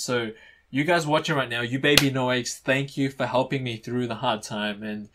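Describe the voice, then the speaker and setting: A man's voice: mid-range voice, normal speed, sharp tone. A young man hosting a reaction channel, chatting casually to camera and teasing his viewers in a mock-dramatic way. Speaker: YouTube reaction channel host.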